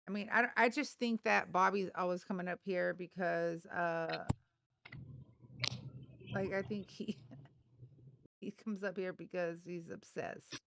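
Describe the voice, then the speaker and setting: A woman's voice: fairly low pitch, fairly even intonation, takes it slowly, vocal fry, pauses often, noisy background. A woman from Texas hosting a livestream, arguing politics bluntly and swearing freely. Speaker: livestream host. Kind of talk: heated political debate.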